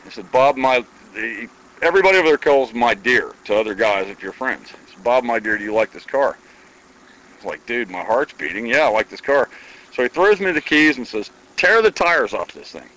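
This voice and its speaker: A man's voice: medium pitch, moderate pace, poor audio. A man from Iowa telling a long, folksy anecdote in casual conversation, acting out the dialogue as he goes. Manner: folksy, animated storytelling with quoted dialogue. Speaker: guest storyteller.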